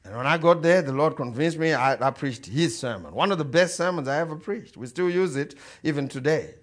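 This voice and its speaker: Animated storytelling preacher, a man. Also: fairly high pitch, brisk. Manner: animated, swings from loud to quiet. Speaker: pastor. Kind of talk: storytelling sermon.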